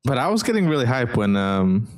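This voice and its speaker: Male co-host, mid-pitched, relaxed, halting casual chat. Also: low-quality recording. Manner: laid-back, halting, profane. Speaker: podcast co-host.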